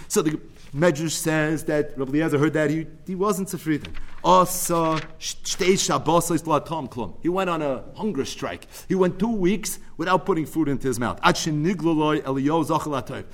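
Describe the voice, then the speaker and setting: Brief: man with a slightly high voice, animated storyteller teaching a Torah class, mixes Hebrew and Yiddish terms into his English. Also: normal speed. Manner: animated storyteller, swings between loud emphatic bursts and quiet asides. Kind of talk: Torah class retelling a midrash.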